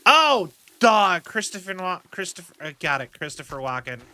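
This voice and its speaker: A man's voice: high voice, big pitch swings, normal speed, bright, forceful tone, a little hiss or hum. A young man streaming a game, chatting casually in rambling tangents and swearing at his mistakes from his home setup.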